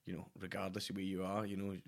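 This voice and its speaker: Scottish man, middle-aged, casual chat; low voice, rapid, enthusiastic, restarts often. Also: monotone, gravelly. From Scotland. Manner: enthusiastic, lots of "you know" and restarts.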